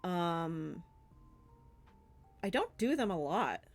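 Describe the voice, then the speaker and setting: A woman's voice: lowish voice, big pitch swings, takes it slowly, faint music behind. A woman with a Southern US accent, a streamer chatting casually and rambling with lots of fillers and giggles during a Q&A. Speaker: streamer and artist.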